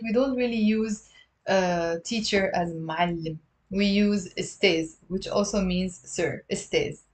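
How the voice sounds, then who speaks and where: A woman's voice: mid-range voice, darkish tone. Lebanese woman, language teacher on a livestream, patient, repeats words, friendly with viewers. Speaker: Arabic teacher. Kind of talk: live online language lesson.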